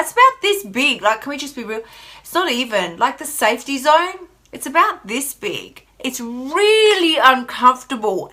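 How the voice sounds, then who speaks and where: A woman's voice: fairly high pitch, bright, forceful tone. An Australian woman hosting a motivational live stream, talking in a sassy, emphatic way and reading viewer comments aloud. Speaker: life coach host.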